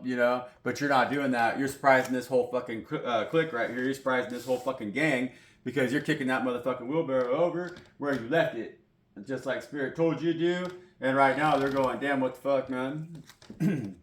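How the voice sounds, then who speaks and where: Male tarot reader, casual and rambling, swears a lot, mid-range voice, echoey room with light background noise. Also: fairly high pitch. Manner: rambling, profane, full of "you know" fillers. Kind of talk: casual tarot reading to camera.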